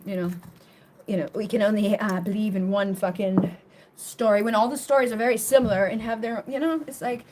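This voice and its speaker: A woman chats loosely on a live tarot stream, sitting a little higher than most women's voices. She wanders from thought to thought, swears freely and breaks into laughter and goofy word riffs. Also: darkish tone, slight background noise. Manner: rambling, profane and laughing; playful silly vocal riffs. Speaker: tarot reader. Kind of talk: casual live-stream chat.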